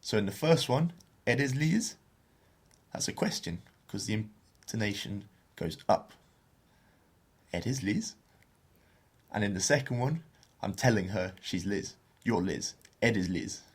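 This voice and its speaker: A man co-hosting a beginner Spanish podcast, explaining phrases and slowing down to model pronunciation. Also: fairly low pitch, lively intonation, breathy edge. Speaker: podcast co-host teaching Spanish.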